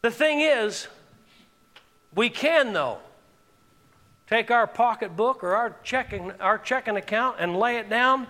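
High-voiced preacher in an echoing church. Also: male voice, measured pace. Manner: impassioned preaching with call-and-response, rising to shouts. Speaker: pastor. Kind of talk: sermon. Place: church sanctuary.

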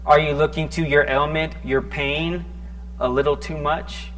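A man delivers a sermon in a casual, animated style, his voice sitting a little higher than most men's. He stumbles through restarts and laughs at himself as he works through the passage. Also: measured pace. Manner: conversational, self-deprecating, animated with stuttering restarts. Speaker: pastor.

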